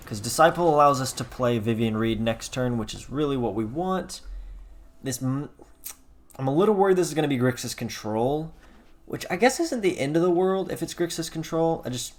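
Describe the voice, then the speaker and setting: A young man giving casual gameplay commentary, thinking aloud as he plays, often correcting himself, with a wry tone when things go wrong. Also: medium pitch.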